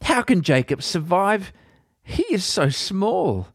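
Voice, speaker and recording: A man's voice: high voice, big pitch swings, slow, husky, no echo, studio quality, voice pushed up, exaggerated voice. A man voicing a desperate pleading prophet. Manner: pleading, anguished. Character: pleading male prophet crying out to God.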